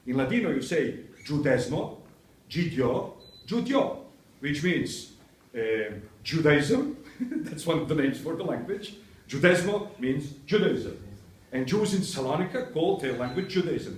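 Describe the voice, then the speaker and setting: A man's voice: a little high, sing-song, a little slow. A male university lecturer telling humorous anecdotes to a touring group, chuckling often. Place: indoor museum hall. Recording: echoey room, distant mic, faint ambience.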